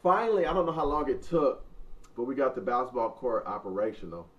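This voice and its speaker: A man's voice: mid-range voice, big pitch swings, brisk, recorded from a distance. A man in his thirties, the host, telling a funny story in a joking, mock-dramatic way. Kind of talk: casual storytelling. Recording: muffled sound from off mic.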